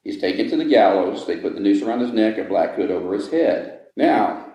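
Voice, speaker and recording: A man with a low, mellow voice tells a ghost story slowly and dramatically for visitors to an old jail. His words ring in a hard, echoey stone room. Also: expressive. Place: old jail building, indoors.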